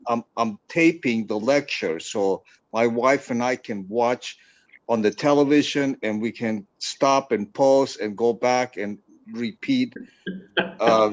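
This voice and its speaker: A man's voice: medium pitch, muffled recording. A man asking a polite question in an online class, stammering and hesitant.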